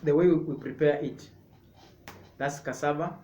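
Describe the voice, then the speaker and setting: A man teaching a sign language lesson, explaining each sign slowly and repeating words step by step. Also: on the high side, fairly even intonation, warm tone, a little hiss or hum. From Kenya. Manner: slow, repetitive, explaining step by step. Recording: echoey room.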